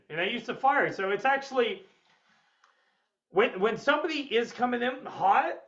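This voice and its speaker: A man teaching a sales webinar in an energetic, blunt way, swearing freely and acting out what clients say. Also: high-pitched, lo-fi sound. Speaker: sales trainer. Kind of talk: webinar seminar lecture.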